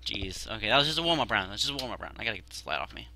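A young man giving excitable let's-play commentary on a horror game, yelping and shouting when startled. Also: lowish voice, racing, vocal fry, noisy background. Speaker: gaming YouTuber.

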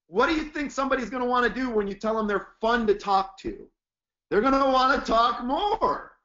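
A man's voice: very high voice, lively intonation, normal speed, sharp tone, lo-fi sound. A man teaching a sales class, talking emphatically and acting out sample praise lines for phone calls. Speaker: sales trainer. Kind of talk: training lecture with demo lines.

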